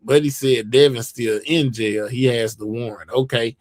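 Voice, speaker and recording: A man of middle pitch hosts a live stream, talking loosely and reading viewer comments aloud. He rambles, restarts his sentences and leans on fillers. The sound is close and dry, with no room echo. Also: steady tone, moderate pace. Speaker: livestream host.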